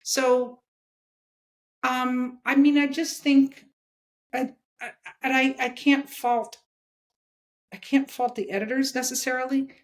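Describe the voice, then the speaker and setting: A woman in her sixties, a guest in an interview, talking in an animated, emphatic way and checking her points with "okay?". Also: high-pitched, slow pace, pauses often. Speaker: guest, comics editor. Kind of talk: casual interview chat.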